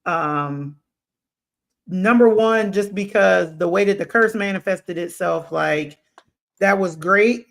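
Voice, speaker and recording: A man with a high, gravelly voice chats casually as a podcast co-host. He rambles through his points, pausing on fillers and circling back to restart his thoughts. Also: a bit bright. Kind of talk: casual chat.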